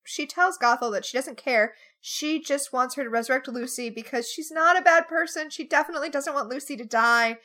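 Podcast co-host, woman, high and bright, animated storytelling in casual chat. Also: fairly quick, few pauses.

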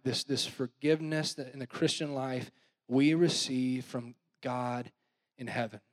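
A young adult man, a pastor, preaching a sermon in a lively storytelling way and leading the congregation in call-and-response. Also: sits high. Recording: long hall reverb.

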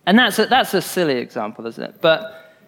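A man preaching in a relaxed, conversational way, with a voice sitting a little high for a man. He is earnest and informal, often circling back on a phrase or tucking in a "you know" as he works through a point. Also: brisk. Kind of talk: conversational sermon.

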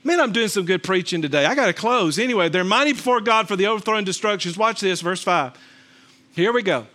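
A middle-aged man preaching a sermon as pastor, telling stories and swinging between loud bursts and hushed calm. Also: high voice, quick pace.

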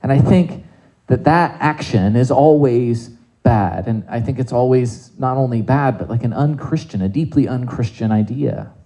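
A man preaching a sermon in a conversational, animated way, asking the congregation rhetorical questions. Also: medium pitch, normal speed, low-quality recording. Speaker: pastor.

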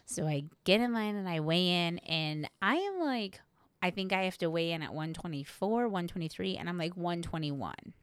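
Lowish-voiced woman telling a casual story. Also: moderate pace, clear, resonant tone, no room sound. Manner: lively storyteller, swears casually, acts out her own past thoughts. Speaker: podcast co-host.

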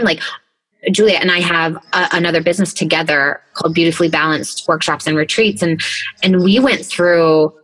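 A woman in casual conversation with a bright, forceful tone. She speaks candidly and emotionally, leaning heavily on filler words and swearing freely. She is recording from her closet. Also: lowish voice, fairly even intonation, a little fast, poor audio. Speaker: podcast co-host.

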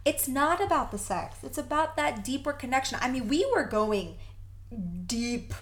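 A woman's voice: sits high, normal speed. A woman co-hosting a podcast in casual chat, gushing and laughing often. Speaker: podcast co-host.

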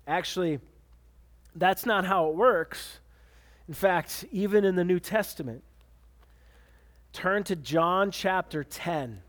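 A man's voice: measured pace, pauses often. A man preaching a sermon, reading scripture aloud and pressing his points with emphatic repetition. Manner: emphatic preaching with repeated words and sudden pitch swings. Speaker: pastor.

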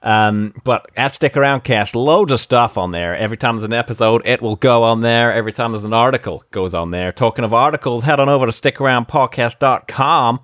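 A man putting on an impression of a crude, boastful older politician, rambling slowly and swearing while reading out plugs. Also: mid-range voice, a bit bright, no echo, clean studio sound, lightly acted. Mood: brash rambling. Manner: slow, rambling, swearing, self-interrupting.

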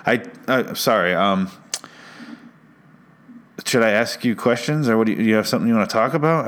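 A man with a fairly low voice hosts a comedy podcast, rambling and sarcastic, often poking fun at himself. He talks close into a studio mic. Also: moderate pace, pauses often, a bit bright. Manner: rambling, sarcastic, self-mocking. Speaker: podcast host. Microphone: studio mic with headphones.

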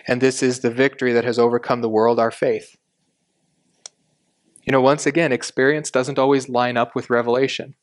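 Man giving a measured Bible lesson. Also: mid-range voice, flat delivery. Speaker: Bible teacher. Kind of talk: expository sermon.

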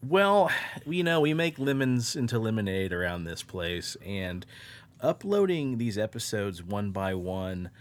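Lower-voiced man co-hosting a podcast casually. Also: sing-song, unhurried. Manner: loose, profane, rambling and upbeat. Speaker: podcast co-host.

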